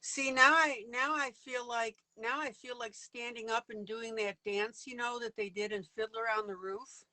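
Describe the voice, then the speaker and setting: A woman's voice: fairly high pitch, steady tone, moderate pace, hardly any pauses, bright, forceful tone, dry recording, rough recording. A woman leading a casual live coloring lesson, chatty and playful, laughing often as she works. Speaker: online coloring teacher.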